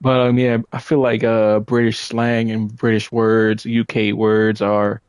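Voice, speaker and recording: A man's voice: lowish voice, completely flat delivery, unhurried, clean tone, dry recording, clean studio sound. A man with a New York accent giving casual gameplay commentary, rambling and correcting himself with a lot of swearing. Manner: rambling, self-correcting, profane. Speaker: gaming streamer.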